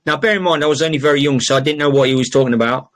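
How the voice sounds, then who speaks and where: A man's voice: mid-range voice, rapid-fire, a bit bright. A middle-aged man hosting a podcast, telling casual stories with lots of fillers, restarts and swearing. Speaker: podcast host. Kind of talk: casual storytelling monologue.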